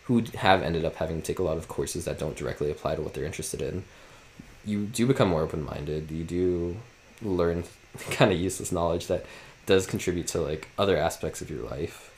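A man's voice: low voice, a little fast, a little mellow, slight background noise. A man in his twenties co-hosting a casual podcast, rambling with lots of fillers. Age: 20s. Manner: rambling, heavy use of "like". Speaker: podcast co-host. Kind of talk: casual chat.

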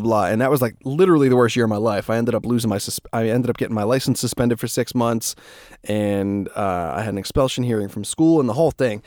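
A man's voice: medium pitch, darkish tone, no room sound, studio quality. A young man from Massachusetts hosting a podcast, telling a story in casual, rambling, profane talk. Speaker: podcast host.

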